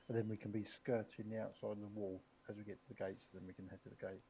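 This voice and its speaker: A man's voice: fairly low pitch, steady tone, quick pace, creaky, warm tone, slight background noise, low-quality recording. A man playing a tabletop game, planning his character's moves aloud and thinking through tactics. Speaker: player. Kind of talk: casual tabletop play.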